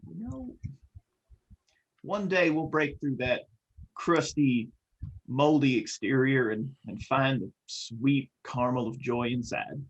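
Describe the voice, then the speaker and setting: A man's voice: medium pitch, unhurried, muffled recording. A man playing a tabletop role-playing game, joking around in playful banter. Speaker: player. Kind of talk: casual tabletop role-play chat.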